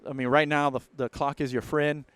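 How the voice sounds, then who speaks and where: A man providing color commentary on a basketball game, relaxed and analytical with some filler words. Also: on the high side, a little fast, smooth, no room sound.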